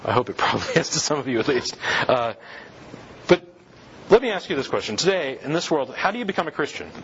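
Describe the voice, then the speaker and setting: A man's voice: medium pitch, lively intonation, fairly quick, a bit bright, dull audio, a little hiss or hum. A man giving a classroom lecture on church history, talking conversationally and firing rhetorical questions at his listeners.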